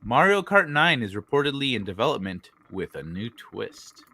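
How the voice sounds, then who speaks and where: A man's voice: mid-range voice, sing-song, moderate pace, pushed and bright. A man hosting a casual gaming live stream, rambling with lots of fillers and sometimes losing his train of thought. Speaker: host.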